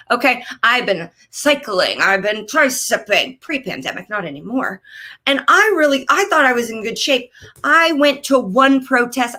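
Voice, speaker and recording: A woman in her thirties performs stand-up from her home office, speaking into a computer mic on a video call. Her voice is bright and sharp, and she rants, her pitch jumping way up on punchlines. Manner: animated, ranting, jumps into high-pitched outbursts. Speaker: stand-up comedian. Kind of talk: stand-up comedy set over video call.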